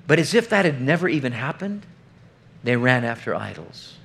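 A man's voice: on the high side, animated, moderate pace, gravelly, a bit bright. A middle-aged man preaching an earnest, conversational sermon, often putting questions straight to the congregation. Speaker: pastor.

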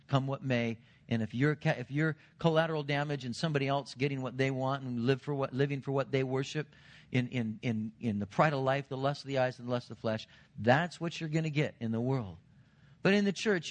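A middle-aged senior pastor preaching a sermon, earnest, building to emphatic points and dropping quiet for stress. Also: male voice, fairly quick. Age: 40s or older. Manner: earnest preaching, rising to emphatic lines then dropping low.

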